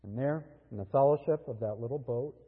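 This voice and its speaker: A man preaching a sermon as pastor, earnest and deliberate, with dramatic pauses. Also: mid-range voice, breathy edge, big-room sound, phone-quality sound.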